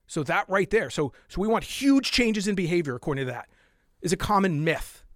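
Male podcast host, high voice, dry close sound, exasperated worked-up rant. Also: lively intonation, brisk, a bit bright, no echo. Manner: exasperated, worked up, with sighs and muttered asides. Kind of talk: heated solo podcast rant.

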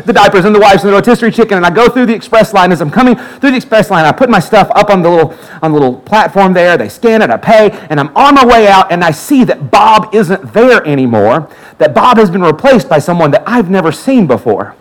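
A man's voice: sits high, fast, rough recording. A man preaching a sermon, telling a personal story and acting out the other people's lines. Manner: animated storyteller acting out quotes. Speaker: pastor.

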